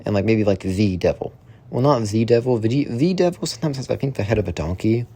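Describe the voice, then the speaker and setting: A man's voice: fairly low pitch, animated, fast talker, mellow, slightly rough. A man telling a rambling, casual story to his viewers, full of fillers, asides and swearing, in a tone of amused disbelief. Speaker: vlogger.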